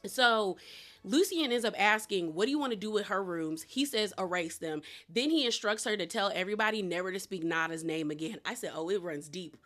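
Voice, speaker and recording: A woman reviewing a TV show, chatting through a casual recap in a slangy manner with quick asides. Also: medium pitch, lively intonation, fairly bright tone.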